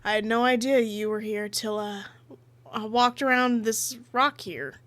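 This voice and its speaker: A woman's voice: fairly high pitch, measured pace, a bit bright, dry recording. A woman voicing a young, scarred male hawk outlaw who speaks courteously in a put-on Southern drawl. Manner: courteous, folksy cowboy talk.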